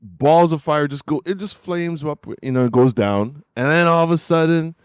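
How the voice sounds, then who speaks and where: A middle-aged man telling a story in casual podcast chat, animated and acting out the people in it. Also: a little high, normal speed, clean tone, dry recording, studio quality. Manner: animated storyteller, laughs and acts out voices. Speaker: podcast host.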